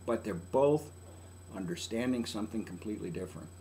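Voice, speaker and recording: A man's voice: fairly low pitch, animated, fairly quick, warm tone. Folksy older man giving parenting advice. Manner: folksy, conversational, acts out quoted lines. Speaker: family counselor. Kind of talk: casual advice talk.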